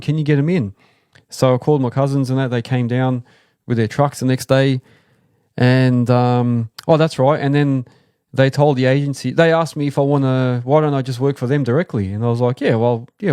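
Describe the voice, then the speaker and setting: A man's voice: medium pitch, clean tone, no room sound, studio quality. An Australian man hosting a live stream, casually telling stories about starting his business, rambling with fillers and acting out what people said. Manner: relaxed, rambling, acts out quoted people. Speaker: host, excavation business owner. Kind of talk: casual livestream storytelling.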